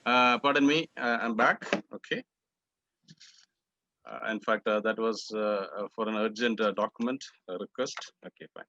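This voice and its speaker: A man's voice: on the low side, normal speed, bright, forceful tone, no echo, highs cut off. A man with an Indian English accent reports as a club's pronunciation master, with many "uh" fillers and repeated drilled words. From Indian subcontinent. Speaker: pronunciation master at a club meeting. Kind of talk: meeting report, correcting pronunciations.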